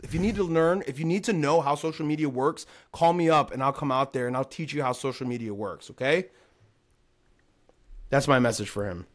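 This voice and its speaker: A man's voice: medium pitch, brisk. Male podcast host, heated profane rant, casual chat.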